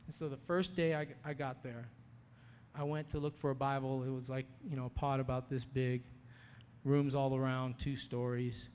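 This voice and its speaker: A man giving an animated personal testimony, storytelling and acting out the voices of people he quotes. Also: medium pitch, normal speed, slight background noise. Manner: storytelling, acts out quoted voices, laughs often. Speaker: speaker sharing his testimony. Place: conference hall. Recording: long hall reverb.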